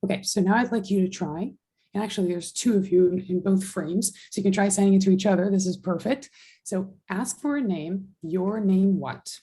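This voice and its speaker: A woman's voice: mid-range voice, brisk, warm tone, poor audio. A woman teaching a sign language class over a video call, patiently explaining each step. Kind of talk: online class instruction.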